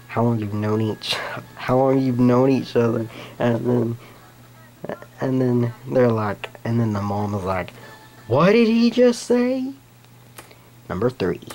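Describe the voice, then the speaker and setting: Slow rambling man recapping cartoon episodes. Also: fairly low pitch, creaky, a little hiss or hum, low-quality recording. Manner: rambling, many restarts, giggly. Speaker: YouTube episode reviewer. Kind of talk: casual unscripted recap.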